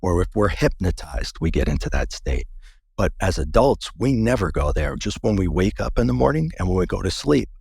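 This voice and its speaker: A man speaks earnestly as a guest, walking through his own story in a loose, conversational manner. His voice sits low and gravelly with a husky edge, and it is recorded dry and close. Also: very animated, normal speed, a little mellow, dry recording. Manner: earnest, conversational, restarts mid-sentence. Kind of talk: personal storytelling interview.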